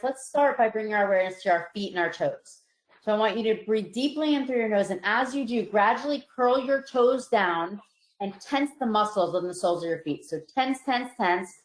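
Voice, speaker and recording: A woman psychologist leads a guided muscle relaxation in a calm, coaching manner. Her voice sits at a middling pitch and softens as she tells listeners to let go. The recording has a roomy echo. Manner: calm, slow, coaching tone that softens on each release. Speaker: psychologist presenter.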